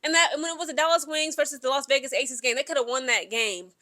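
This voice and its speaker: High bright-voiced woman sports vlogger. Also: steady tone, fast. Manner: chatty, keeps asking "okay?" and addresses viewers directly; opinionated and emphatic. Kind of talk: casual sports gossip commentary.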